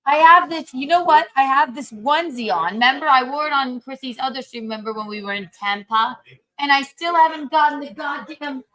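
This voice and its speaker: A woman's voice: high voice, brisk, bright, forceful tone, rough recording. A woman hosting a casual livestream while she cooks, chatty and brash, gossiping and swearing freely. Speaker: livestream host.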